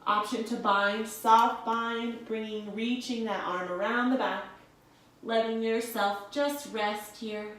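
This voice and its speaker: A woman's voice: fairly high pitch, fairly even intonation, slow, a bit bright. Young woman yoga teacher, soothing and encouraging, sounds far off in a really echoey room. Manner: soothing, encouraging, calls listeners friends. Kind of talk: guided yoga instruction.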